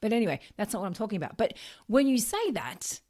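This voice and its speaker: Speaking fast and very animatedly, an Australian woman runs a solo podcast in a medium-pitched, somewhat dark voice. Her delivery is sincere and blunt, with casual cursing and little acted-out bits of everyday speech.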